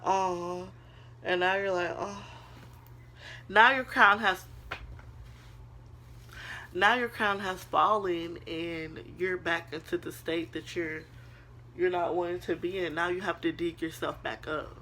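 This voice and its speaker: A woman's voice: fairly low pitch, steady tone, moderate pace, fairly bright tone, a little hiss or hum. A young woman vlogger in casual motivational talk to the camera, earnest and preachy, calling viewers girl and honey.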